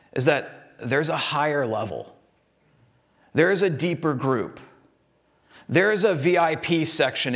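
A man delivers a sermon in a relaxed, conversational way. His voice sits a little higher than most men's. He acts out the people he quotes, jumping up or down in pitch to play their parts. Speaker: preacher.

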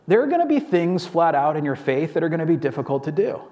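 A man's voice: on the high side, fast talker, few pauses, darkish tone. A man preaching a conversational sermon as a pastor, casual and chatty with many asides.

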